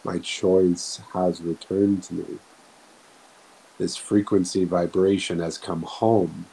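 A man talking slowly and earnestly in a reflective spiritual way, often restarting his sentences. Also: low voice, little pitch movement, gravelly, breathy edge, rough recording. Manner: slow, soft-spoken, earnest, with frequent restarts. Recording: faint hiss.

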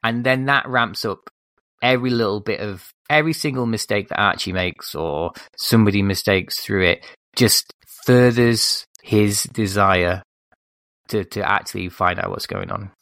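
A man's voice: on the low side, normal speed, vocal fry, a bit bright, no room sound. A man co-hosting a podcast in casual chat, explaining points with many restarts. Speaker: podcast co-host.

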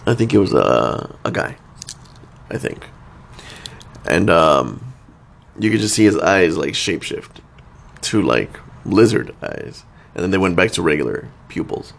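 A man in his thirties chats casually as a podcast co-host, with a low, gravelly voice. His delivery is laid-back and rambling, and his pitch swings around a lot as he talks. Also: big pitch swings, unhurried, long pauses. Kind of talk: casual chat.

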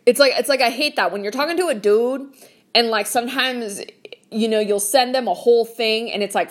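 Her voice now sounds a little high and a little fast as the late-twenties woman keeps up her casual rant about a guy. She stays blunt, swears heavily, and leans on "like" constantly.

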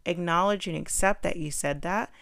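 Young female podcast host, earnest and encouraging, repeats key points, low and smooth. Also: moderate pace, a bit bright, no room sound, studio quality. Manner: earnest and conversational. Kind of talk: self-help talk.

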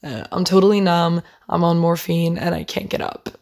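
A woman's voice: lowish voice, moderate pace, gravelly. A young woman, not a native English speaker, casually telling an indignant story with lots of fillers. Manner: animated, indignant retelling with fillers.

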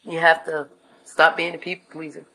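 A woman's voice: low-pitched, completely flat delivery, normal speed, sharp tone, poor audio. A woman talking in a laid-back, slangy casual monologue, giving life advice to her viewers. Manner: laid-back and slangy, acts out voices in anecdotes.

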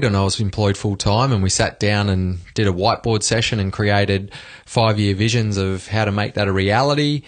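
An Australian man, around his thirties, hosting a solo podcast in a chatty, relaxed way with loose restarts. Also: fairly low pitch. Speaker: podcast host. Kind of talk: casual solo podcast chat.

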